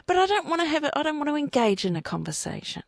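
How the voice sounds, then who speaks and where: This Australian podcast co-host has a high-sitting voice with vocal fry, captured in studio quality with no room sound. On the casual chat show she's animated and blunt, swearing plenty as she tells her stories.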